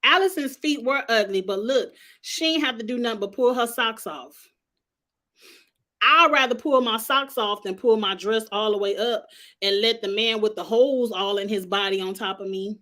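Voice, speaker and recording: Brash woman hosting a casual TV recap, somewhat high-pitched, talks right at the characters. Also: normal speed. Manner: sassy, talks straight to the characters; animated, slangy and blunt. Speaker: TV show reviewer. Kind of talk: casual commentary.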